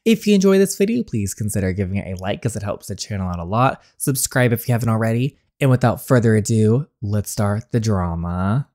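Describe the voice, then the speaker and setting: A man's voice: lowish voice, sing-song, a little fast, hardly any pauses, darkish tone. A man hosting a story-game playthrough, chatting through sympathetic asides. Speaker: let's play host.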